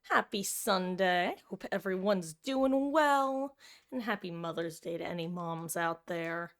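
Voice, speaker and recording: A woman streamer chatting casually with her viewers and cooing over her cat in a baby-talk voice. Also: mid-range voice. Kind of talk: casual live-stream chat.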